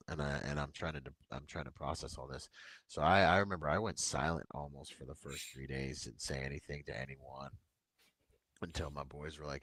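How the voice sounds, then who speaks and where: A man's voice: very deep voice, normal speed, no room sound. A man, a military veteran, telling personal stories in a casual, rambling way with lots of fillers. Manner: relaxed, rambling war stories with filler words. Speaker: podcast guest, veteran. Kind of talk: casual storytelling.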